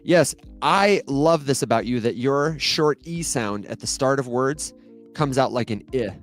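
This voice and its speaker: A man's voice: medium pitch, measured pace, faint music behind. A man co-hosting a casual crypto chat, friendly and chatty, often restarting his words. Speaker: co-host.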